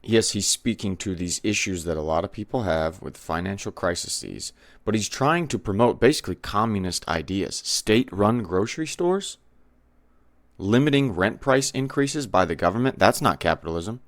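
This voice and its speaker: Male commentary host, lowish voice, blunt and sarcastic. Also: lively intonation, normal speed. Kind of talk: political commentary over news clips.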